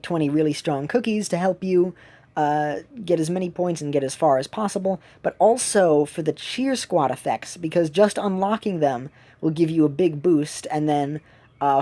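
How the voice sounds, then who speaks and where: Low-voiced woman streaming a mobile game. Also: dark tone. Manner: rambling, many fillers and restarts. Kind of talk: casual gameplay commentary. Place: home.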